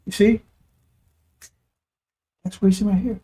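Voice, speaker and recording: High-pitched man preaching in rambling bursts. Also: steady tone, a little slow, mellow. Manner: rambling, repetitive, coarse, laughs while preaching. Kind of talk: informal sermon.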